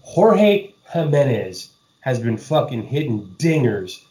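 A man co-hosting a casual podcast chat, excitable and profane, laughing often and swearing freely. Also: mid-range voice, takes it slowly, echoey room, rough recording. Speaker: podcast co-host.

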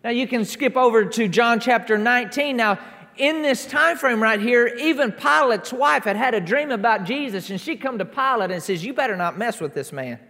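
A man preaching a sermon, emphatic, stacking repeated declarations that build up to shouts during a church service. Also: extremely high pitch, moderate pace. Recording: long reverb of a large hall.

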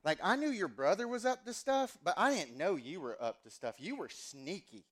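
A man voicing his older Southern mother with a Southern US accent, drawling slowly and scolding fondly. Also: high voice, big pitch swings, fairly bright tone, pitched above the performer's own voice, heavily acted. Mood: teasing.

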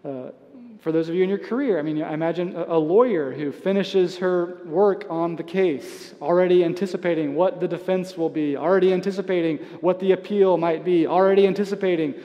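A man preaching a sermon as pastor, conversational, with soft asides and light chuckles. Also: high-pitched, fairly quick, big-room sound, dull audio. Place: church sanctuary.

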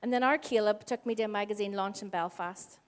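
A woman's voice: medium pitch, a little fast. A woman in her forties from Northern Ireland, giving a conversational sermon to a congregation and acting out the dialogue in her stories. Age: 40s. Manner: animated storytelling, acts out quoted dialogue. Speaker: church speaker. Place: church hall before a congregation.

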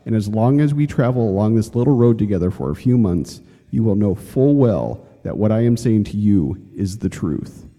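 A man's voice: lowish voice, warm tone, in a large hall. A man reading an inspirational course lesson aloud, earnest and exhorting, speaking straight to the listener. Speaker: course instructor.

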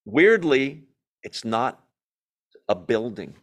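A man leading a Bible study in a conversational, animated way, joking and acting out quotes as he goes. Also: medium pitch, takes it slowly. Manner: animated, jokey, acts out quotes in asides. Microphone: video call or room mic, class also on Zoom.

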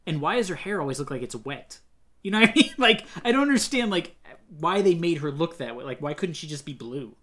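A man's voice: a little high, animated, brisk, fairly bright tone. A man co-hosting a comic book podcast in casual chat, opinionated and rambling, full of "like". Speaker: podcast co-host.

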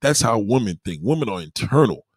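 A man's voice: on the low side, sing-song, a little fast, slightly rough, no room sound, clean studio sound. A man giving dating advice in a casual, profane monologue full of street slang. He keeps checking in with the listener. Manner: keeps asking "you know what I mean".

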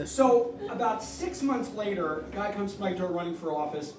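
A high-voiced man spins a wry, salty story about himself, picked up from a distance in a live, echoey hall. A low hum of audience ambience sits under him. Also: animated, fairly quick, hardly any pauses. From New York. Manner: wry, profane, self-mocking. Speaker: comedian telling a personal story.

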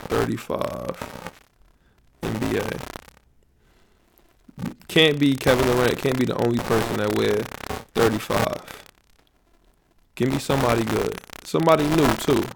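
A man hosting his own podcast in casual solo talk, rambling and slangy with frequent restarts, his energy low. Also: measured pace, gravelly, pauses often, background noise. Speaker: podcast host.

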